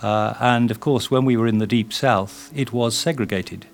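A man's voice: medium pitch, moderate pace. An older English man talking in an interview in a rambling, self-deprecating way, with many fillers. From England. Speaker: guest, writer. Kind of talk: interview with reading.

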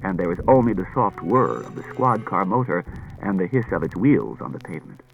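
Male narrator, animated delivery, radio broadcast with faint music underneath. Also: low-pitched, brisk, creaky, dull audio. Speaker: audiobook narrator. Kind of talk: scripted narration.

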